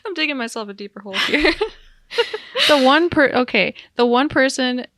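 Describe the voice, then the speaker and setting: A woman's voice: high-pitched, animated, normal speed, a bit bright, dry recording, studio quality. A woman co-hosting a podcast in casual chat, rambling with asides and giggling often. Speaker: podcast co-host.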